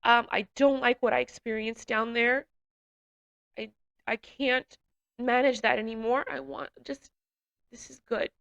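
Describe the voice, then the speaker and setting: A woman gives an emotional personal testimony, reflecting on her story with a runny nose. Her voice is fairly high and a bit bright, with fairly even intonation, and she speaks unhurriedly with long pauses, hesitating with many fillers and restarts. The highs are cut off in the audio.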